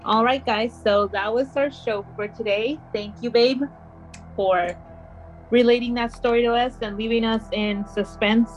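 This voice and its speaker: A woman's voice: on the high side, fairly even intonation, unhurried, muffled recording, faint music behind. Woman signing off a casual podcast. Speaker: podcast co-host. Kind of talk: casual chat, reading the show's sign-off.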